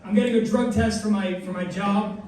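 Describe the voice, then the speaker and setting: In a comedy club, a man in his twenties runs through a rambling, crude, self-mocking stand-up set. His voice sits high with a steady, darkish tone and a fairly quick pace, picked up from a distance in an echoey room with crowd noise and audience laughter.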